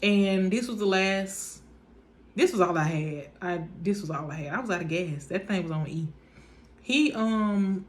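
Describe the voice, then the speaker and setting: Chatty young woman telling a story. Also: medium pitch. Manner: chatty, animated, speaks in reported dialogue, says "y'all" often. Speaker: vlogger telling her birth story. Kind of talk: casual storytelling to viewers.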